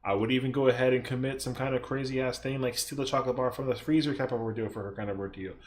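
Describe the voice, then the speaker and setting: A man's voice: medium pitch, fairly even intonation, fast talker. A young man chatting casually on a stream, rambling, swearing freely and acting out other people's lines in exaggerated voices.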